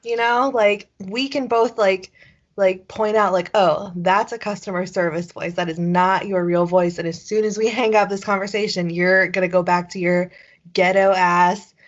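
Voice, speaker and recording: A young woman co-hosts a casual podcast chat at a middle pitch. She rambles loosely, filling every pause with "like" and tossing in casual swearing. The lo-fi recording sounds dull. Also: fairly even intonation. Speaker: podcast co-host.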